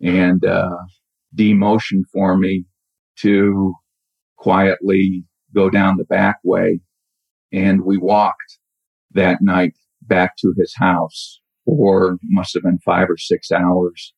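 A middle-aged man recounts a personal story slowly and reflectively, stopping and restarting often. His voice is low and husky. The audio sounds dull and lo-fi. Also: completely flat delivery, no echo. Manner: halting, reflective, many restarts. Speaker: caller telling a true story.

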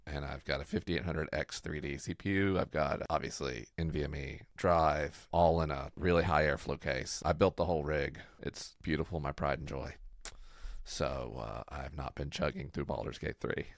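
A young man co-hosting a casual chat, joking with puns and telling animated stories. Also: rumbling low, normal speed, no echo, studio quality. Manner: playful, punning, animated storyteller. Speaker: co-host.

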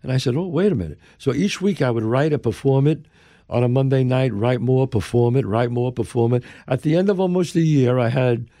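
A man's voice: medium pitch, fairly quick, no room sound, studio quality. An older man from the Bronx with a New York accent, telling a story as an interview guest and acting out the people he quotes. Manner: lively, emphatic storyteller who acts out the people he quotes. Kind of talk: animated storytelling.

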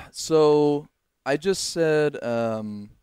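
A man's voice: fairly high pitch, extremely slow, a little mellow, clear, resonant tone, no room sound, studio quality. A man chatting as a podcast guest, telling a rambling personal story with many restarts. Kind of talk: casual chat.

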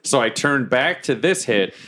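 A man's voice: mid-range voice, expressive, measured pace, bright, forceful tone. Man describing his game moves. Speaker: player. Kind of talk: tabletop game play.

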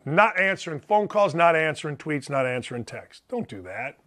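A man's voice: on the high side, very animated, moderate pace, bright, forceful tone. A middle-aged man hosting a sports talk show, delivering a brash, rambling monologue and calling out to chat viewers.

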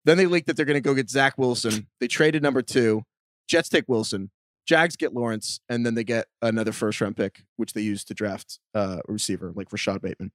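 A man co-hosting a podcast in casual chat, riffing through quick jokey tangents. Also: medium pitch, no room sound, studio quality. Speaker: podcast co-host.

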